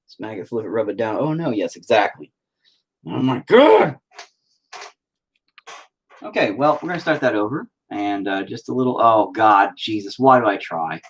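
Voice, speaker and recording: A man with a fairly low but fairly bright voice, breathy at the edges, talks briskly with lively intonation and few pauses. He's streaming himself painting, rambling to himself and swearing endlessly in casual, self-critical remarks.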